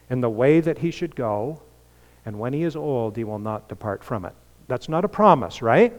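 Earnest male pastor in a reverberant hall. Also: mid-range voice. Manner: earnest, with rising emphatic peaks and soft drops. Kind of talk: sermon. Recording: long reverb of a large hall.

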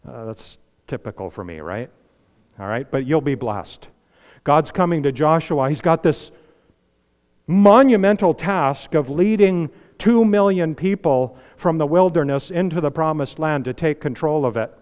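A man preaching a sermon, fervent, swinging from hushed asides to emphatic exhortation. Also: on the high side, lively intonation, unhurried. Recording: long hall reverb.

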